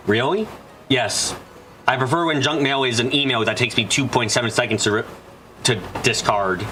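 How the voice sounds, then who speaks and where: A man's voice: medium pitch, sharp tone. Profane ranting male game streamer. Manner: profane, ranting, talks back to chat. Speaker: gaming streamer. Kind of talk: casual let's-play commentary.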